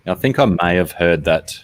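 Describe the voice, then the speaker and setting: An Australian man with a very low, deep voice, chatting casually on a podcast. He rambles easily and pokes fun at himself, trailing off and restarting as he goes. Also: vocal fry, husky, dry recording. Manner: easygoing, rambling, self-deprecating. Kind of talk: casual chat.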